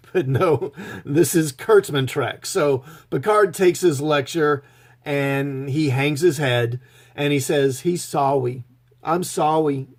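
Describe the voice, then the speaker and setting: A man recapping a TV episode in a casual, sarcastic, mocking tone. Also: fairly high pitch. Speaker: show reviewer.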